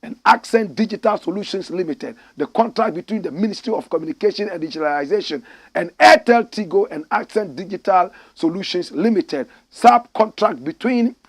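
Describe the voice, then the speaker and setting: Male host, high-pitched, emphatic and deliberate, dry close sound. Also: dry recording. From Ghana. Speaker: commentary show host. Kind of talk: reading out documents with commentary.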